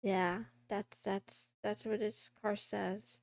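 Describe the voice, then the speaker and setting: A woman's voice: medium pitch, lively intonation, slow pace, darkish tone, no room sound, clean studio sound. A woman streamer chatting casually while she draws a comic, rambling, giggling and joking with herself.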